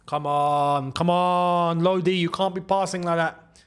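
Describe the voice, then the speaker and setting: A young man with a London accent hosting a live football watchalong, chatting in slang and breaking into excited shouts at big chances. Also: sits high, unhurried, clean tone. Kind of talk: live match watchalong commentary.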